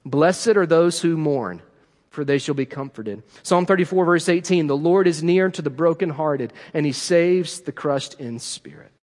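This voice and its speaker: A man's voice: fairly high pitch, moderate pace, darkish tone. A middle-aged man preaching a sermon as pastor, earnest and repetitive, building emphasis as he speaks to his congregation. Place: church sanctuary. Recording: long hall reverb.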